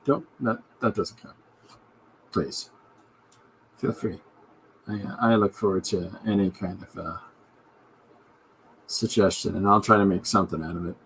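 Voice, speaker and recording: A man with a fairly low voice who rambles through jokey asides as a podcast host. He chats casually while drawing, with a faint hiss behind him. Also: lively intonation, measured pace, long pauses, fairly bright tone. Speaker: podcast host and comic artist.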